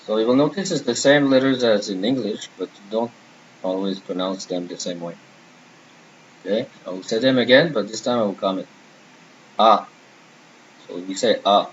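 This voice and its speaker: Man, French teacher, deliberate and patient, dull lo-fi recording, faint hiss. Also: fairly low pitch. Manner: slow, deliberate, repeats sounds for learners. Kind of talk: patient language lesson.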